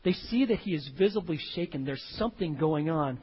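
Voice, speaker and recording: Husky high-voiced preacher in a reverberant hall. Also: male voice, expressive, fairly quick. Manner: emphatic, swinging from hushed to loud. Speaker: pastor. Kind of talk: expository sermon. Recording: reverberant hall, dull lo-fi sound.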